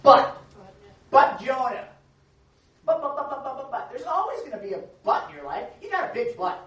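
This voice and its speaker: A pastor delivering an animated, emphatic sermon to his congregation, often repeating words as he drives a point home. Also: very high voice, normal speed. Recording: echoey hall from a distant, dull mic.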